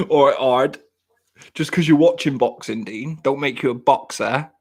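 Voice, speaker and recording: A man's voice: medium pitch, measured pace. A man, chatting casually on a live stream, joking and rambling as he answers viewers in the chat. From England.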